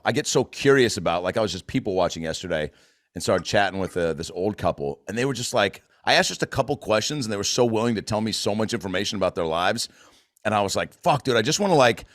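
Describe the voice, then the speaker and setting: A man's voice: fairly low pitch, no echo, studio quality. An American man hosting a podcast, chatting casually in a rambling, loose way with plenty of swearing. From United States. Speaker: podcast host. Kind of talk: casual chat.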